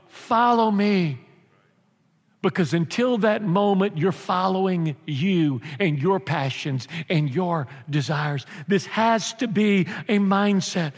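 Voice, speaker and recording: Pastor, high-ish voice, lively comic preaching, hall reverb. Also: male voice, takes it slowly, some chatter behind. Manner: animated, humorous preaching with acted-out voices. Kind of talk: sermon. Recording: church hall with long reverb.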